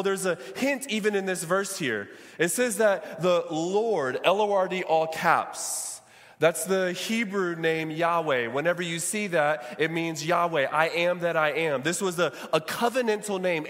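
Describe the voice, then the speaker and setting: Male pastor, high voice, preaching in a church hall with long reverb. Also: fairly bright tone. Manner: preaching with call-and-response to the congregation. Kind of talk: sermon.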